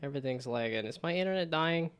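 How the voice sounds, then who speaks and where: A man's voice: lively intonation, fast talker, smooth. Rambling, laughing man streaming. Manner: rambling, self-mocking, laughs often; tries silly high whoops. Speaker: streamer and game developer. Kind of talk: casual live-stream chat.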